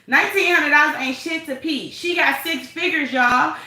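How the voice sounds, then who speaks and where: A woman's voice: high voice, moderate pace, pushed and bright, roomy sound, rough recording. Sassy woman gossiping on a live stream. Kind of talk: casual live chat commentary.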